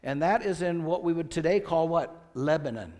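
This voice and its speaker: A man's voice: fairly high pitch, lively intonation, moderate pace, darkish tone, long reverb tail. A man preaching a sermon as pastor, reading scripture aloud with rising emphasis and asking the congregation questions.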